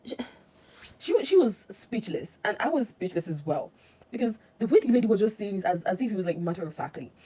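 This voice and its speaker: A woman's voice: medium pitch, very animated, a little fast, dark tone, breathy edge, poor audio. A woman chatting about a TV drama, rambling and exasperated, with lots of fillers. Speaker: drama reviewer. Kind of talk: casual chat.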